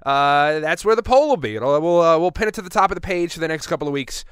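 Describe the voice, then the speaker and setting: A man's voice: a little high, expressive, quick pace, fairly bright tone, smooth, dry recording, clean studio sound. A man hosting a podcast, reading out listener submissions and riffing on them with rambling jokes. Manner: joking, rambling asides. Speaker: podcast host.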